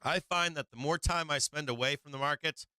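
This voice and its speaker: A man with a bright, crisp voice, a little higher than most, chats through market charts on a live stream. He swears freely and sounds worn and strained. The sound is close and dry. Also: fairly quick, dry recording. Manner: profane, chatty, laughing while watching charts. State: strained, tiring voice. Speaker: livestream trading host.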